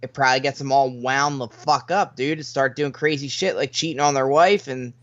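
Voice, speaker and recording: A man's voice: mid-range voice, brisk, fairly bright tone, dull audio. A man co-hosting a podcast, chiming in with sarcastic, casual remarks. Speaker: podcast co-host. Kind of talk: casual chat.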